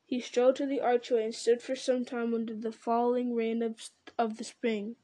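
A woman narrating a story aloud with a measured, even reading manner. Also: a little high, no echo.

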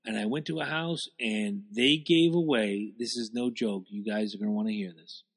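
A man co-hosting a podcast in casual, profane chat, prone to loud rants. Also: lowish voice, normal speed, vocal fry, slightly rough. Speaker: podcast co-host.

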